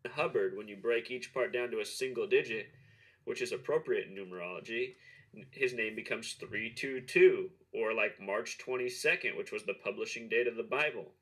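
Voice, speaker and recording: Male, clip playback, bright voice, calm step-by-step explainer. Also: fairly low pitch, moderate pace, rough recording. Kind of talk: explanatory video commentary.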